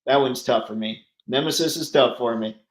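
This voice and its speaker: A man's voice: mid-range voice, normal speed, roomy sound, rough recording. A man hosting a casual live stream, chatting and reading out viewer comments with rambling, easygoing talk and easy laughs. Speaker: livestream host.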